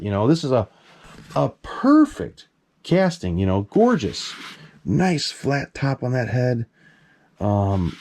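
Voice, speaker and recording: A middle-aged man, a collector, telling a long story about his masks in casual, excitable talk. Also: lowish voice. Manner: animated, excitable, swears casually.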